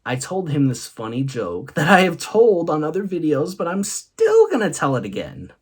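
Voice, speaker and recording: A man's voice: on the high side, wildly swooping pitch, moderate pace, a little mellow, slightly rough. Laughing man telling funny stories. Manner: laughs often, punchline-driven. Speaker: host. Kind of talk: comic storytelling monologue.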